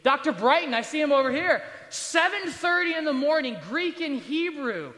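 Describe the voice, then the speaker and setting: A man's voice: very high voice, lively intonation, moderate pace, pushed and bright, long reverb tail. A man in his thirties, a pastor giving a chapel sermon to students in a conversational, joking way with rhetorical asides. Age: 30s. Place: large university chapel, standing at the altar.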